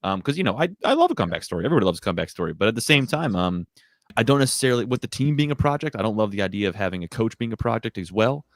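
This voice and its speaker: A man co-hosting a casual sports podcast in a lowish voice, talking quickly. He is agreeable and leans on fillers and restarts. The recording is dry and close, with no room echo. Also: sing-song. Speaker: podcast co-host. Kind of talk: casual hockey podcast chat.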